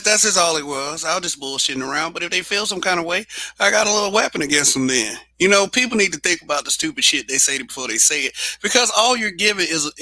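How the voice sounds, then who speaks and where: A man's voice: on the high side, pushed and bright. A man hosting a casual livestream monologue, blunt and profane, laughing often. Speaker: show host.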